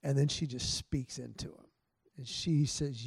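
A man giving a heartfelt church talk to a men's group, telling stories in an earnest way and softening his voice for quoted lines. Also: mid-range voice, fairly even intonation, moderate pace, vocal fry, husky, no room sound. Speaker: men's ministry speaker.

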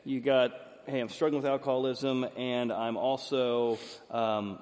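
A man's voice: medium pitch, flat delivery, darkish tone. A man interviewing a guest, summing up the story and laying out arguments in detail. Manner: measured, explains arguments in detail. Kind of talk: interview questions and summaries. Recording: long hall reverb.

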